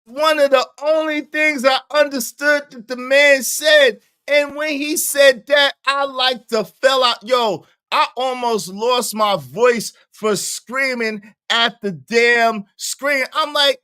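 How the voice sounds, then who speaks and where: A man doing casual livestream reaction commentary, animated and profane, laughing often and repeating himself for emphasis. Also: very high-pitched, slow pace, hardly any pauses, smooth, no room sound, clean studio sound.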